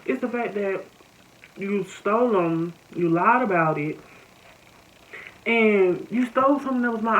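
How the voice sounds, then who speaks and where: A woman's voice: mid-range voice, measured pace, long pauses. A young woman with a Southern American accent, vlogging a casual storytime and talking straight to her viewers. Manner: animated, addresses viewers as y'all. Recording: slightly muffled with faint noise.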